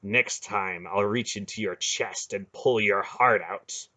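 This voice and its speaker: A man voicing a young male sorcerer who speaks slowly and with quiet, cold menace. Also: fairly low pitch, exaggerated voice. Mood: menacing. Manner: slow, deliberate and quietly threatening.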